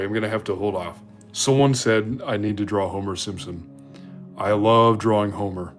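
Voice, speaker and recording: A man's voice: lowish voice, moderate pace, soft background music. A man casually chatting with viewers while drawing their requests, rambling and self-deprecating.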